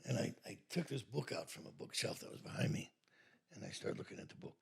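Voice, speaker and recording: A man in his sixties, an actor, telling anecdotes in a casual, animated way and acting out what others said. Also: lowish voice, quick pace. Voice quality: gravelly, husky. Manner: animated, laughs while telling, acts out quoted lines. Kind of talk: casual storytelling.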